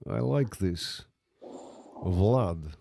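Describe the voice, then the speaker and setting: A man's voice: sits low, expressive, drawn-out words, gravelly, background noise. A man hosting a casual chat, with dry, sarcastic remarks and frequent swearing.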